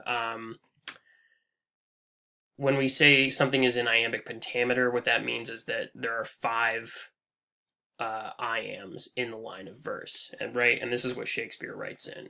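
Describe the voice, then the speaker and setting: A man with a gravelly, forceful voice gives a casual lecture over slides. He fills his pauses with "um" and lets his phrases trail off at the ends. He sounds like a young adult teacher talking into a computer mic. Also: medium pitch. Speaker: English instructor.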